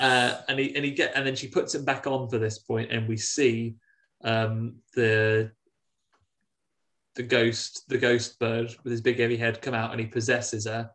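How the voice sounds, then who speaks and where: A man's voice: mid-range voice, level tone, a little slow, fairly bright tone. A man co-hosting a casual film review chat, retelling scenes with comic quoted lines. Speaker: podcast co-host.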